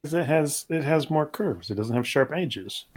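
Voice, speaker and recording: A man speaks in casual podcast chat. His explanations come out animated and lively. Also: on the high side, normal speed.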